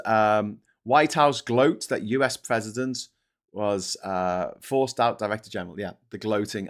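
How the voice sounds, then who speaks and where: Reading comments and papers on his casual live stream, this middle-aged British host rambles, curses freely, and pokes fun at himself. His voice sits lowish with a slightly bright quality.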